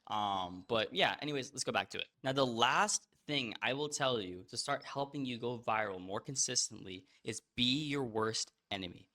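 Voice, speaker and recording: A young man hosting an online course, talking casually and bluntly to the viewer with quick restarts. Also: mid-range voice, bright, forceful tone. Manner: blunt, fast, repetitive restarts, addresses viewer as bro. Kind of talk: casual direct-to-camera teaching.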